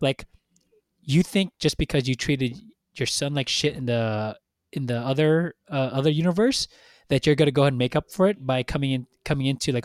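Animated, profane man ranting casually. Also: medium pitch, brisk, dry recording. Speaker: podcast co-host. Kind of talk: casual chat.

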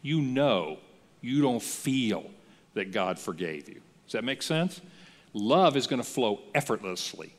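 A man preaching a sermon as a pastor, in a conversational, lively style that acts out the voices he quotes. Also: mid-range voice, unhurried, long reverb tail. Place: church.

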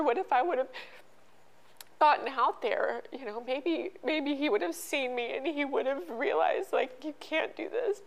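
Middle-aged woman, high voice, halting emotional storytelling, many restarts, interview guest. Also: low-quality recording. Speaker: podcast guest.

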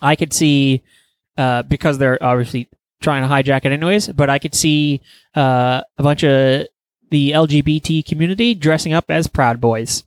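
A man's voice: on the high side, moderate pace, no echo. A man co-hosting a podcast, talking bluntly and casually with some swearing. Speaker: podcast co-host. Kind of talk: casual chat.

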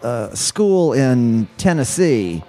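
A man's voice: medium pitch, sing-song, slow, warm tone. Casting note: male podcast co-host, sleepy delivery, loose and chatty. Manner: tired, trailing restarts. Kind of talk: casual podcast chat.

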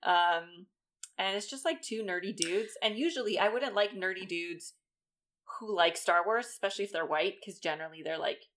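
A woman's voice: medium pitch, moderate pace, fairly bright tone, a little hiss or hum. Chatty woman podcast co-host. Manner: chatty, laughs often, trails off with ums. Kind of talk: casual chat.

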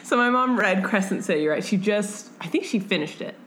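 A woman co-hosting a casual book chat, animated, swearing freely and acting out conversations. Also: mid-range voice, a little fast, slight background noise. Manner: animated, swears freely, acts out quoted exchanges. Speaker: podcast co-host. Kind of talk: casual chat about books.

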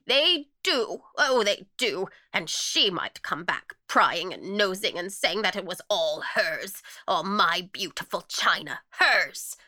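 A woman's voice: lowish voice, big pitch swings, moderate pace, sharp tone, dry recording, studio quality, heavily acted. A woman voicing an eccentric, possessive old spinster in a spoken story, shifting between wistful whispers and jealous wails. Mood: agitated.

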